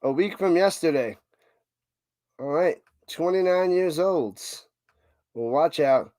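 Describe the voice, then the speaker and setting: A man's voice: a little high, slow, no echo. A man with a New York accent streaming a watch party, calling plays and chatting with viewers. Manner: excitable calls, chatty asides to viewers. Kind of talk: live stream play-by-play and chat reading.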